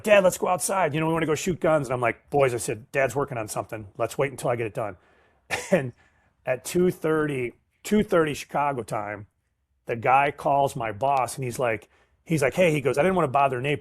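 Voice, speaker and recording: With a mid-range voice captured in studio quality without any room sound, a middle-aged sales guest spins casual stories for an interview. He acts out the dialogue with animation and uses casual slang.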